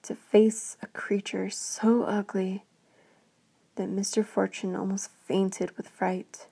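Woman narrating a bedtime fairy tale in a gentle, flat, slow whisper; gravelly texture. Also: medium pitch. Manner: slow, hushed, half-whispered. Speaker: storyteller. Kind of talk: whispered bedtime story reading.

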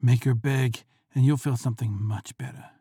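Woman doing a drunk bossy guy, low dark husky mumble. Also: normal speed, no echo, clean studio sound, exaggerated voice. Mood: drunk demanding. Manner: low, slurred, commanding. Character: drunk demanding man, the master.

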